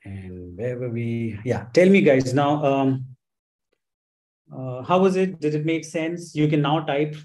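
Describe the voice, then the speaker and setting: A man leading a live-streamed stress management workshop, talking with many fillers and gently coaxing his viewers. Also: medium pitch, slow, rough recording. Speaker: workshop instructor.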